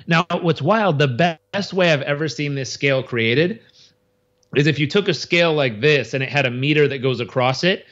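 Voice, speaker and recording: A man giving an interview in a casual, animated way, acting out crowd reactions and often restarting his sentences. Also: a little high, moderate pace, highs cut off. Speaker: interview guest.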